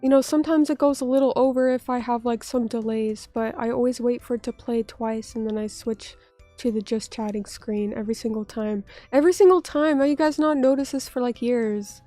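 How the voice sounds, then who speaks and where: A woman's voice: fairly high pitch, fairly even intonation, brisk, mellow, dry recording, faint music behind. A woman streamer who is still getting over an illness, chatting casually with viewers, reading their comments aloud, joking at her own expense and swearing now and then. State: still sick, recovering from illness. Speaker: vtuber streamer.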